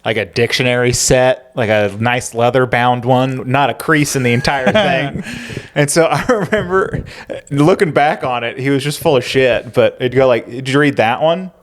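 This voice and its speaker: A man's voice: medium pitch, normal speed. A man co-hosting a history podcast, telling stories in a laid-back way and laughing often. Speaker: podcast co-host. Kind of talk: casual comedic chat.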